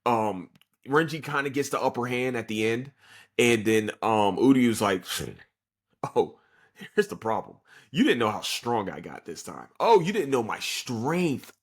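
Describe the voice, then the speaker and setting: A man hosting a podcast, casually reviewing an anime with a profane, excitable retelling full of fillers. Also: mid-range voice, unhurried, husky. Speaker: podcast host.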